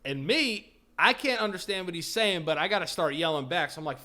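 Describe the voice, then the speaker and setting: A Florida man co-hosting a podcast rattles off a story fast with hardly any pauses, his voice sitting high. He's animated and swears heavily, acting out the characters as he goes.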